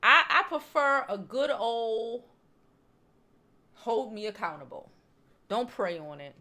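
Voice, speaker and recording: Blunt, profane woman gossip host. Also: slow. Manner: candid, blunt and profane, calls listeners "child" and "y'all"; swings between loud animated bursts and low near-murmurs. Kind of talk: casual gossip chat reading viewer comments. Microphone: home streaming setup, waiting on new mics.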